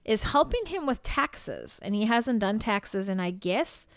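A woman with a medium-pitched, very animated voice co-hosts a podcast, speaking unhurriedly in clean studio sound with no echo. She chats casually and laughs as she retells things.

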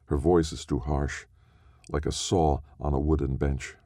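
A man narrating a story in a slow, measured, solemn reading. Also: a bass voice, fairly even intonation, mellow, no room sound, clean studio sound.

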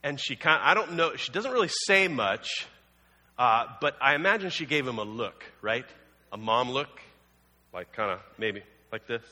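Lively pastor preaching in an echoing hall. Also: male voice, mid-range voice, moderate pace. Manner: conversational storytelling with humorous asides. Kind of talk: sermon. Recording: long hall reverb.

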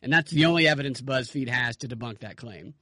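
Male podcast co-host, argumentative, mid-pitched voice, dry close mic. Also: fast talker, pushed and bright, no room sound. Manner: argumentative, rhetorical questions. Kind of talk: casual political podcast chat.

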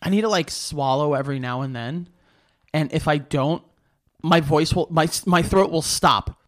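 A young man co-hosting a podcast in casual chat, relaxed and often laughing. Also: on the high side, moderate pace. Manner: laid-back, laughs often, uses "like" a lot. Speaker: podcast co-host.

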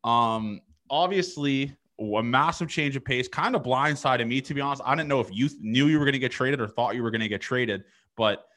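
Canadian guy hosting a sports pod, bright voice, super hyped, keeps restarting sentences. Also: mid-range voice, brisk. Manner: excitable, rambling, many restarts. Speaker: podcast host. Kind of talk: casual sports interview.

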